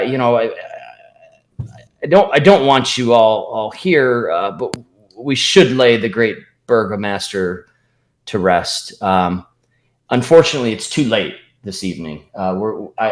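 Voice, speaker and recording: A man's voice: fairly low pitch, echoey room, natural voice. A man voicing a nervous, cowering village priest who stammers apprehensively, as a game master.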